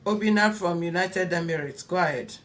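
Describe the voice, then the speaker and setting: A woman hosting a radio phone-in, briskly taking callers and repeating their names and where they are calling from. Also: fairly low pitch. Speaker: radio call-in host.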